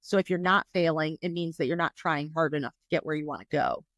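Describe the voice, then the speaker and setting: A woman's voice: deep voice, fast, a bit bright, no echo. A woman from New York State hosting a podcast interview, chatty and upbeat with lots of casual fillers. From New York State, USA. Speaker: podcast host.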